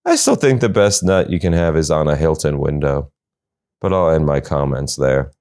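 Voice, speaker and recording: A man's voice: very deep voice, sing-song, normal speed, darkish tone. A man hosting a comedy podcast, reading odd news stories and cutting in with sarcastic quips. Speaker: podcast host.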